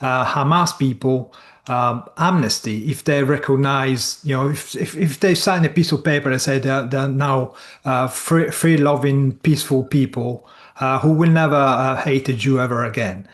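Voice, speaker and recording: A man's voice: medium pitch, moderate pace. A man, a guest commentator giving blunt, scornful opinions in colloquial language, often stumbling over his words. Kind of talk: opinionated discussion.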